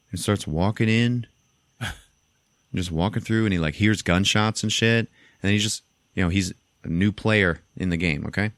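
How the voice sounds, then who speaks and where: A man hosting a podcast, casually retelling a movie plot with animated storytelling and frequent swearing. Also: fairly low pitch, no room sound. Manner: animated storytelling, acts out quotes, swears freely. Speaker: podcast host.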